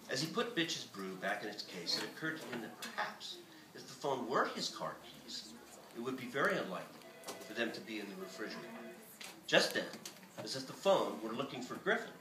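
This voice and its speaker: A man, the author, reading his novel aloud in a bookstore with a lively, expressive delivery. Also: mid-range voice, noisy background. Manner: lively, expressive reading with shouted character lines. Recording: echoey bookstore from far off.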